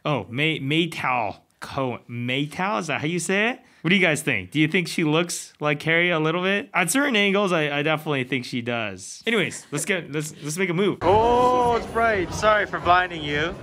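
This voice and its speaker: Lively bright-voiced man vlogging. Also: fairly high pitch, brisk, hardly any pauses. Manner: laughs often, excitable. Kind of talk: casual vlog chat.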